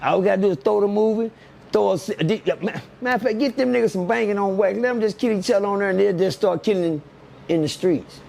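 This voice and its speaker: A middle-aged man, telling stories in an animated, preachy way and repeating lines for emphasis. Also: sits high, fast talker, creaky, slight background noise. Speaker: podcast guest. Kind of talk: casual storytelling chat.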